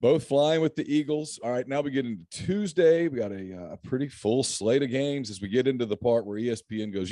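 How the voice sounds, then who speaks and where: A man's voice: mid-range voice, a little fast, few pauses, mellow, dry recording, studio quality. A middle-aged man hosting a casual chat about game picks, joking and laughing often. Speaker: podcast host.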